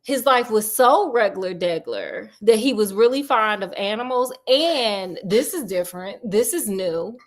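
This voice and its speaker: A woman's voice: mid-range voice, lively intonation, normal speed, hardly any pauses. A woman host telling a true story in a casual, sassy, chatty way, full of slang asides.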